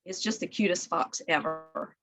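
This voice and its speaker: A woman librarian leading a children's storytime, reading aloud with big animated swings between soft whispers and high calls. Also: moderate pace, faint music behind.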